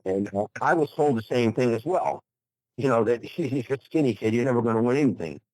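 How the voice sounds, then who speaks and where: A man's voice: mid-range voice, expressive, a little fast, darkish tone, no room sound, poor audio. An older man, a retired bodybuilder, giving an enthusiastic interview and repeating phrases for emphasis. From USA. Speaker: guest, retired pro bodybuilder. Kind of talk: enthusiastic motivational interview talk.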